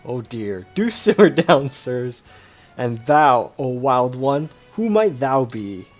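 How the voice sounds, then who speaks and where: A man's voice: medium pitch, sing-song, takes it slowly, soft background music. A man doing a stiff, courtly old-fashioned knight. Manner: archaic, stiffly formal. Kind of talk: video game dialogue read aloud with voices.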